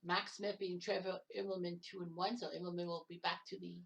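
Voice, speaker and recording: Speaking fast in a fairly low voice with vocal fry and a level tone, a woman runs through the results of a simulated golf match-play event on her own. She keeps it casual with joking asides, name corrections, and the odd curse word. She's far from the mic.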